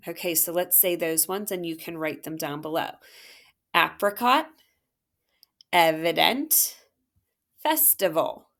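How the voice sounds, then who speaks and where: A woman's voice: fairly low pitch, a bit bright. A woman teacher working through a phonics worksheet, patiently sounding out syllables and praising the listener. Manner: patient, encouraging, sounds out words slowly. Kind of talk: phonics lesson walkthrough.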